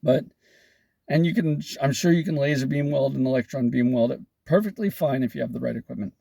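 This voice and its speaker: Gravelly sarcastic man explaining welding. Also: medium pitch, a little fast, dark tone, no room sound. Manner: sarcastic, wry joking asides. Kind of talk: casual explanatory talk.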